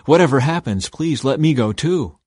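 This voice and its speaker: A man's voice: mid-range voice, moderate pace, a little mellow, no echo, studio quality, lightly acted. A man narrating voices an eager young male messenger who pleads to be sent.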